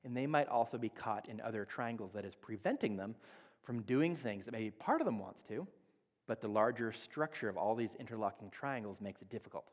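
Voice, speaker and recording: A man's voice: fairly low pitch, lively intonation, a little fast. A man in his thirties giving a conversational sermon, teaching with everyday examples and acting out bits of dialogue. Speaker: church speaker. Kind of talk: sermon on relationships. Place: church sanctuary. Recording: long reverb of a church hall.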